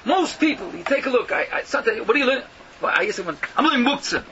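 A man's voice: very high-pitched, big pitch swings, fast, crowd noise. A man giving an emphatic yeshiva-style Torah lecture, firing rhetorical questions and mixing in Yiddish and Hebrew terms. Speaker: rabbi giving a Torah talk. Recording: muffled lo-fi recording with noticeable background noise.

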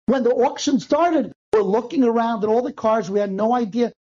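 A man, a rabbi, telling a personal story to an audience and acting out the dialogue in quick, animated bursts. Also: very high-pitched. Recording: dull lo-fi recording.

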